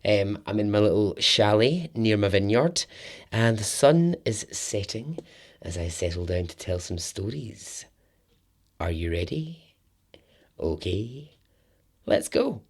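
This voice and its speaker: A man's voice: lowish voice, lively intonation, takes it slowly, long pauses. A man hosting a storytelling podcast, chatty and jokey with sarcastic asides.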